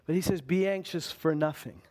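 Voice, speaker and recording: High-voiced preacher, lively and animated. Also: male voice, brisk. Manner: animated, acts out panicked voices with big pitch swings. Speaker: pastor. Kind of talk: sermon.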